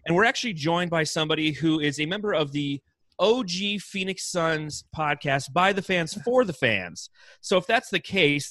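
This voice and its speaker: Guy, podcast host, bright punchy voice, dry close mic, jokey energy. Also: on the high side, moderate pace, no room sound. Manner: energetic, joking, hypes the team. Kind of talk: casual sports podcast chat.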